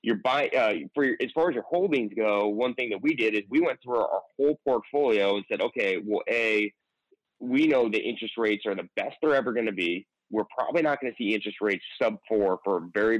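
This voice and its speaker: A man's voice: lowish voice, a little fast, dry recording, highs cut off. Chatty advising man, dry close sound. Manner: confident, advising, chatty with fillers. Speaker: real estate investor. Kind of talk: podcast interview answer.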